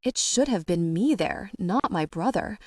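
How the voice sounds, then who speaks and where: A woman voicing a grieving, guilt-ridden young woman who talks in halting, anguished confessions. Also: on the low side, animated, a little mellow, breathy edge, no echo, clean studio sound.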